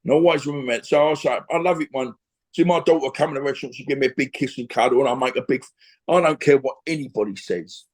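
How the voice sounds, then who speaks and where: A man's voice: medium pitch, fast talker, darkish tone. An older man, a former boxer telling a blunt, emotional story on a video call, restarting his sentences often. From England. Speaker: interview guest, former boxer.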